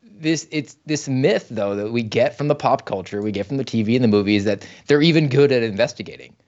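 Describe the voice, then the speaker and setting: A man's voice: mid-range voice, fairly quick, darkish tone, muffled recording. A man talking as a podcast guest, telling stories in a wry, skeptical way. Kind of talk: casual podcast talk.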